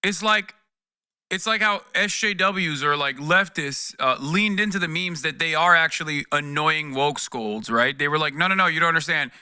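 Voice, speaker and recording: A man's voice: a little high, unhurried, pushed and bright, clear, resonant tone, no echo, clean studio sound. A man streaming casual political commentary, talking with a profane, exasperated edge in bursts with restarts, to his chat.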